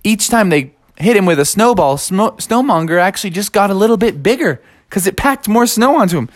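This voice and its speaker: Animated man telling a children's story. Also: sits high, brisk. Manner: animated, sing-song, playful. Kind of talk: improvised children's story narration.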